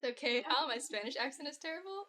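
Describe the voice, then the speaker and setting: A woman's voice: high voice, expressive, quick pace, pushed and bright. A young adult woman co-hosting an art stream, chatting casually with dry teasing remarks. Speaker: co-host streamer. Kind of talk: casual chat while animating.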